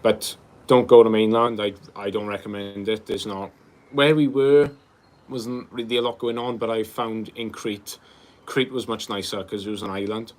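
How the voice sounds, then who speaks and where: A man's voice: lowish voice, fairly even intonation, moderate pace. A man in his twenties hosting a livestream, answering viewer questions in a loose, rambling casual chat, calling people bro and filling gaps with um and like. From Wales. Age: 20s. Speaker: livestream host.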